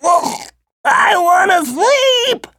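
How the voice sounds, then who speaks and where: A man voicing an ancient giant worm in a storybook reading, with a shrill, howling, pleading delivery. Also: big pitch swings, extremely slow, pushed and bright, dry recording, clean studio sound, heavily acted. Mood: wailing.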